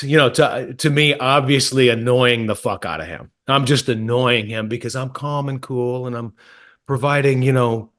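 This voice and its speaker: A Texan podcast co-host tells a profane, rambling story in a casual storytelling chat, stammering and restarting as he goes. His voice is mid-range with a fairly bright tone.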